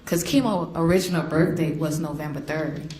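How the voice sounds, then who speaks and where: Lower-voiced mother telling a story in court. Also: moderate pace. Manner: animated storyteller, acts out quoted voices. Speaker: victim's mother giving an impact statement. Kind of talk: courtroom victim impact statement, storytelling. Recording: roomy courtroom, faint hiss.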